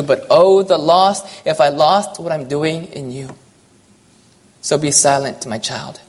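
A preacher with a husky, slightly breathy voice sits at a middle pitch. They read aloud in a sermon, slow and earnest, letting soft pauses hang between phrases.

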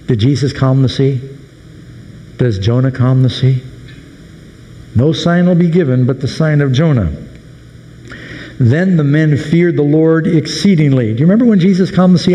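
A male pastor preaching a sermon, retelling a story with lively dramatic delivery. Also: on the high side. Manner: animated storytelling, acting out the sailors' panicked questions. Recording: long hall reverb.

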